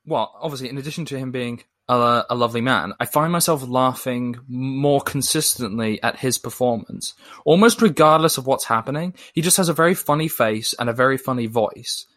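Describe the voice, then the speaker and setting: A man in a casual conversation, speaking in a thoughtful, measured way with hedging fillers. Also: medium pitch, fairly bright tone.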